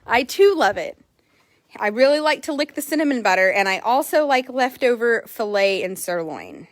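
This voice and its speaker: A woman voicing a laid-back male horse who calmly talks about food he likes. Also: a little high, normal speed, no room sound, studio quality. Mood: confiding.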